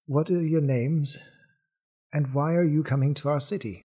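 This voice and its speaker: A proud winged bird-man guard with a hard beak, as a man puts him on. He speaks in short, formal, halting phrases. This is tabletop role-play. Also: on the high side, darkish tone, slightly rough, pitched above the performer's own voice. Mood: formal welcoming.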